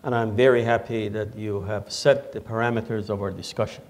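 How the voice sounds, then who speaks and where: A man, an Iran expert answering on a panel in a lecture hall in a measured, lecturing way. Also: fairly low pitch, steady tone. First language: Persian. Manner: measured, lecturing, dry humor. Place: auditorium with audience.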